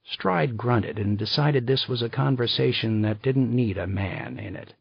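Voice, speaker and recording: A man reading an audiobook in scripted narration, measured and unhurried. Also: mid-range voice, creaky, breathy edge, no echo. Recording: dull lo-fi dry recording.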